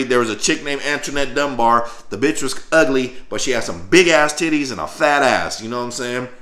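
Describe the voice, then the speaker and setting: Dude telling a story, cussing a lot, lively, bright punchy voice, echoey room. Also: male voice, mid-range voice. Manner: profane, animated, fills with "you know what I'm saying". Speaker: storyteller vlogger. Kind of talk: casual storytelling. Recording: roomy echo.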